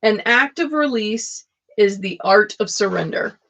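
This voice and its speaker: A woman doing a casual live-streamed tarot reading, playful and quick to laugh between cards. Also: medium pitch, expressive, a bit bright. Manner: giggly, playful, often breaks into laughter.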